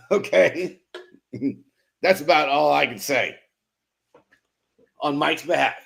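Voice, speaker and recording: A man's voice: fairly high pitch, lively intonation, takes it slowly, gravelly, fairly bright tone. A man hosting a BMX live stream, reading chat comments aloud and teasing viewers with loose, profane jokes and frequent laughs. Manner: joking, profane, laughs often; loose and teasing with chatters by name. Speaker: host of a BMX live show.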